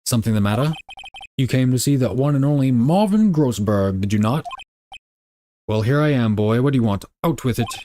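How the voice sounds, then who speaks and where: A man's voice: mid-range voice, lively intonation, a little fast, dark tone, a little hiss or hum, natural voice. A man voicing a pompous, evasive older male lawyer who hems and haws. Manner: stuffy, hemming and hawing.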